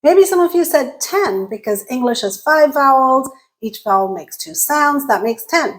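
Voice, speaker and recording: Clear-spoken woman teaching English vowels. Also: high voice, animated, a bit bright, rough recording. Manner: clear, deliberate, talks straight to viewers. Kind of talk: scripted lesson to camera.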